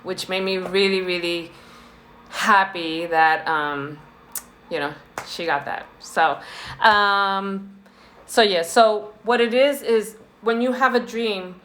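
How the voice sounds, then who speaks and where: A woman's voice: mid-range voice, steady tone, takes it slowly, fairly bright tone. A woman speaking as a wellness coach, giving an earnest motivational talk to her viewers and repeating key phrases for emphasis.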